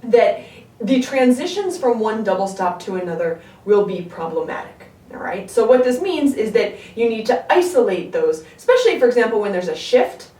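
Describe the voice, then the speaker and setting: A woman giving a step-by-step music lesson, patient, often pausing to check that the learner is following. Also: on the high side, sing-song, mellow. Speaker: string teacher. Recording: echoey room, distant mic. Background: her own instrument playing between phrases.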